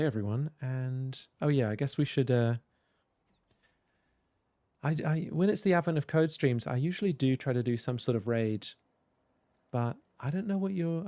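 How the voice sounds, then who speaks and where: Man, livestream host, casual rambling chat, lots of ums, mellow tone, dry close sound. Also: mid-range voice, expressive, normal speed, no room sound. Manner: rambling, hesitant, many fillers. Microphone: desk microphone with headphones.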